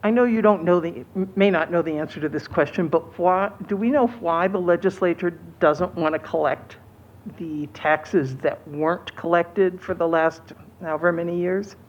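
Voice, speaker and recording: Low-voiced woman asking questions, lo-fi. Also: moderate pace. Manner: questioning, conversational. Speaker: school board member. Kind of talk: public meeting discussion. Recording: dull lo-fi meeting audio.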